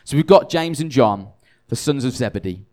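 Casting: tired male preacher, mid-pitched voice, chatty and self-mocking, lots of restarts. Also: lively intonation, moderate pace, darkish tone. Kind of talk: conversational sermon.

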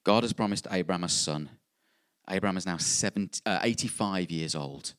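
A man's voice: low-pitched, normal speed, fairly bright tone, no room sound, studio quality. A man preaching a sermon, earnest and repeating key phrases for emphasis.

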